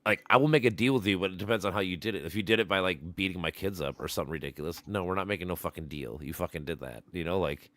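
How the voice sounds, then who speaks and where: A man's voice: low-pitched, rapid-fire, hardly any pauses, a bit bright, dry recording. A man hosting a casual stream, talking bluntly with lots of swearing and laughing. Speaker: stream host. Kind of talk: casual profane chat.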